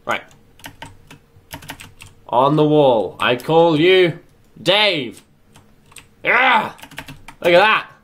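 A young man doing excitable let's play commentary, chattering to himself and swearing often. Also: on the high side, extremely slow, pauses often. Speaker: gaming channel host.

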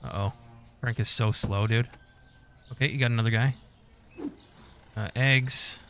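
A man's voice: medium pitch, steady tone, a little slow, a bit bright, slight background noise. A man giving casual, profane gameplay commentary, mock-scolding customers and staff as he plays. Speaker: gaming YouTuber.

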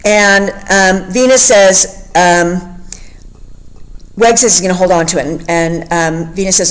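A woman's voice: fairly low pitch, unhurried, poor audio. A woman talking through a novel in a casual way, reading passages aloud and explaining them with many fillers. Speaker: literature discussion host. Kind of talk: casual book discussion with read-aloud passages.

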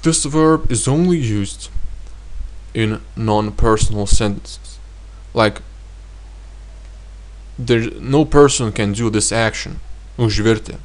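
A man teaching a vocabulary lesson, explaining with many pauses and saying each word twice. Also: fairly low pitch. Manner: explains slowly, repeats words twice, many hesitations. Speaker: language teacher.

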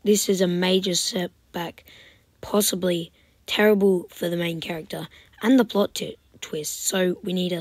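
Woman gamer commentator, husky, slow-talking, loud protests and whispered asides. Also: lowish voice, steady tone, no echo. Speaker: gaming commentator. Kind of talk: casual game commentary.

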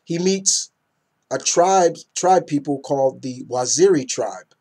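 A man's voice: fairly high pitch, animated, slow pace, a little mellow. A man in his thirties casually reviewing comic books, enthusiastic and rambling, often tripping over names.

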